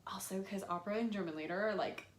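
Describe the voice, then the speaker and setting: A woman's voice: fast, reverberant. A young woman, an elementary music teacher, casually explaining a classroom lesson and acting out how she talks to her students. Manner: enthusiastic, acts out her classroom voice with big pitch jumps.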